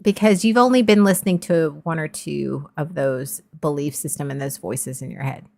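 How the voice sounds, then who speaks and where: A woman's voice: low-pitched, moderate pace, gravelly, dark tone, no echo, clean studio sound. Frank, emotional woman talking casually. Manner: frank, emotional, swears freely, many restarts. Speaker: streamer and co-host. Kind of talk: casual chat on a livestream.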